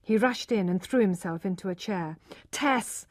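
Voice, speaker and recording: A woman's voice: medium pitch, a little fast, darkish tone, no room sound. Give me a woman reading a learner audiobook steadily, with a dry close sound. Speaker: narrator. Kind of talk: scripted audiobook narration for learners.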